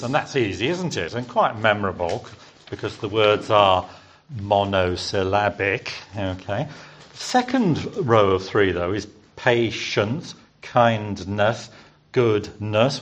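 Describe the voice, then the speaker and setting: In a church service, a man with a lowish voice preaches while asking the congregation questions and having them echo words back to him. Slight background noise can be heard.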